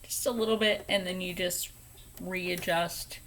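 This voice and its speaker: A woman hosting a casual step-by-step sewing tutorial, chatty and playful, dropping into soft whispered asides as she works at a home sewing table. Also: lowish voice, steady tone, measured pace, slight background noise. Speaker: sewing channel host.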